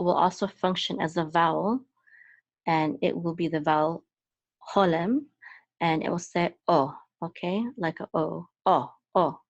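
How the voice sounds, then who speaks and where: A woman teaching a language lesson in a patient, explanatory way, pausing often with fillers and restarts. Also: fairly low pitch, dry recording, highs cut off. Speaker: Hebrew and trope teacher, podcast host.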